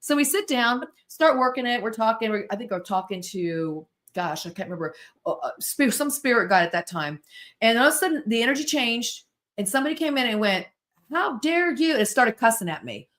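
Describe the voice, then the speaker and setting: An American woman in her sixties talks very quickly as a podcast guest. She tells her stories in an animated way and acts out dialogue and sounds as she goes. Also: fairly high pitch. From United States. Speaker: guest, spirit-board author and therapist. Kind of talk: storytelling in a podcast interview.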